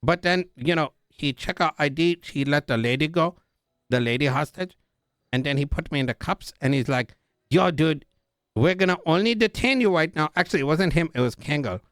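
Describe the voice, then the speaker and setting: A young man playing a roleplay character tells a long, rambling story, saying "like" and "dude" over and over as he acts out the other people in it. His voice sits a bit high for a man. The sound is close and dry, with no room around it. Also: lively intonation, normal speed, a bit bright, dry recording.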